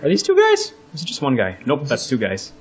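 A man's voice: mid-range voice, wildly swooping pitch, brisk, husky. Man gaming on a muffled mic. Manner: joking, swears casually, directs the play. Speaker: gaming co-host. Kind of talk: casual gameplay chat.

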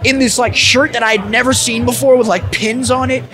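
High-voiced young man telling a story. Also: fairly even intonation, fairly quick, music in the background. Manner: laid-back, filler-heavy slang with frequent "like" and swearing. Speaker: musician guest. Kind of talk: casual storytelling in an interview.

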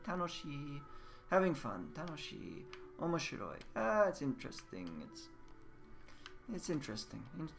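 A man teaching Japanese words slowly and repeating each one for learners over a game video. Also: medium pitch, a bit bright. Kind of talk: casual game-based lesson.

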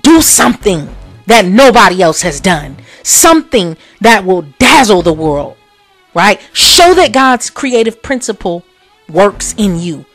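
Woman giving a motivational talk, repeats herself a lot, goes from quiet to loud, soft music behind. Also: sing-song, a little slow. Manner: preachy, repeats phrases for emphasis; swings from low murmurs to loud exclamations. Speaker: podcast host.

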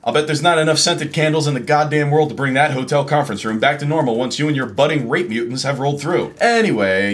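A man hosting a comedy web show with deadpan, sarcastic, profane commentary. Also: medium pitch.

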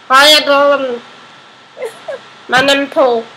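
A woman voicing a silly, sad, droopy-faced guy in goofy improvised character play, with giggly deadpan one-liners. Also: high voice, drawn-out words, slight background noise, exaggerated voice, low-quality recording.

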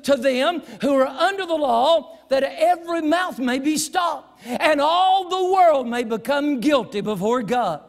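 A man preaching a sermon as pastor, reading scripture aloud and driving his points home with shouted emphasis. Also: very high-pitched, unhurried, hardly any pauses. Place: church sanctuary. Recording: long reverb of a church hall.

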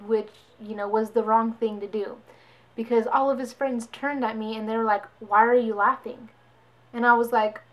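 Chatting casually with her audience, a young woman tells a storytime-style vlog in a slightly high voice. She keeps it loose and animated, quoting the people involved through quick impressions of them.

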